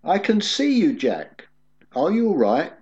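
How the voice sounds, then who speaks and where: A man voicing God in a sermon story, speaking calmly and reassuringly. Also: sits high, measured pace, pitched above the performer's own voice, exaggerated voice. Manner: calm and reassuring. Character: calm all-knowing voice of God. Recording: dull lo-fi recording.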